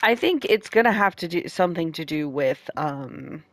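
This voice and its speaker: A woman's voice: low voice, animated, moderate pace. A young woman reading every character's lines of a courtroom game aloud, stopping to laugh and react. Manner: reads all characters aloud, breaks off to laugh and comment. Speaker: let's play streamer reading a game aloud.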